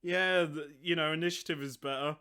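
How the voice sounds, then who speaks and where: A man's voice: a little high, fairly even intonation, brisk, sharp tone, clear, resonant tone. A young man giving casual, self-mocking commentary on tabletop game rules, laughing often and swearing freely. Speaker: tabletop wargame channel host.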